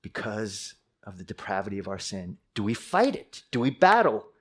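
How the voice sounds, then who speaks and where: A middle-aged man preaching a sermon as pastor, animated, acting out angry voices with sudden loud bursts. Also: on the low side, normal speed, breathy edge.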